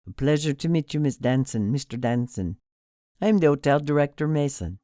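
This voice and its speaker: A man's voice: a little high, animated, brisk, mellow, dry recording, studio quality, natural voice. Man doing a courteous Jamaican hotel director. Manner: formal, polite, welcoming.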